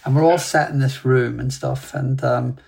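A man with a gravelly, creaky edge to his mid-pitched voice, speaking as a podcast guest. He tells a personal anecdote candidly, with animated, self-mocking humour and laughter along the way. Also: moderate pace.

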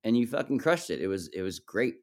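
A man telling stories in casual chat, animated and swearing, acting out other people's lines as he goes. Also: lowish voice, a little fast. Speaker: podcast guest, musician.

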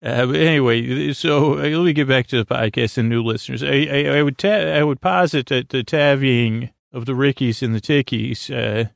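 A man with a gravelly, creaky voice rambles through a goofy bedtime monologue, drifting from thought to thought. He stumbles over restarts and leans on fillers, and the recording is dry and close. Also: medium pitch, moderate pace, hardly any pauses, dry recording. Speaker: sleep podcast host.

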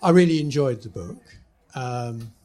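A man's voice: medium pitch, expressive, measured pace, dark tone, faint music behind. Hesitant man asking an audience question. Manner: hesitant, stumbling over words. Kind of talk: audience question at a book event.

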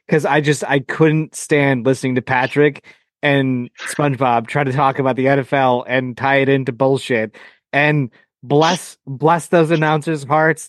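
A blunt man who is a podcast guest, ranting casually and swearing freely. His voice sits at an ordinary middle pitch. It sounds dry and close, with no room echo. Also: fairly even intonation, normal speed. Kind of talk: casual chat.

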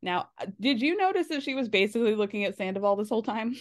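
A woman's voice: mid-range voice, quick pace. Woman host doing mocking quote voices. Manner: animated, quotes cast members in mocking voices, laughs often. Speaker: podcast host. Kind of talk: casual reality TV recap chat.

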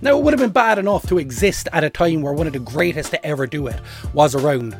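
A man's voice: fairly high pitch, fast, faint music behind. An Irish man hosting a solo comedy podcast, rambling and swearing freely as he tells stories. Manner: animated, profane, rambling comic storytelling. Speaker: podcast host.

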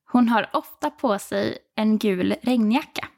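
Woman reading clues slowly. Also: a little high, a little mellow. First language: Swedish. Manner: clear, deliberate enunciation. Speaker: language teacher co-host.

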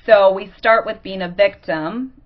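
A woman podcast host giving a casual teaching monologue. She talks conversationally and acts out quick examples as she goes. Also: medium pitch, muffled recording.

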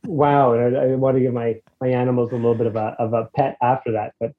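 A man in casual chat, describing a music track at length in a rambling, animated way, acting out his own reactions. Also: medium pitch, fast, phone-quality sound. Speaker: guest reviewing a music track.

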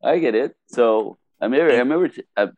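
A man's voice: medium pitch, fast, dry recording, phone-quality sound. A middle-aged French Canadian man with a French Canadian accent, a podcast guest telling a story with lots of laughter and acted-out quotes. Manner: lively, laughs often, acts out quotes in different voices. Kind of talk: animated storytelling in a podcast interview.

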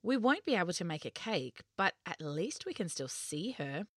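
A woman voicing an eager, excited young girl in a storybook reading. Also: fairly low pitch, dry recording, studio quality. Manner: eager, quick to plan.

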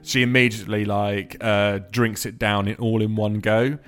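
A man narrating as game master of a tabletop game, playful and giggly, with quick voiced asides. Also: lowish voice, flat delivery, faint music behind.

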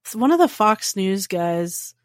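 A woman reporting on a casual political comedy podcast, blunt and profane, quick to giggle. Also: mid-range voice, very animated, dry recording, studio quality. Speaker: podcast correspondent. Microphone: remote call recording.

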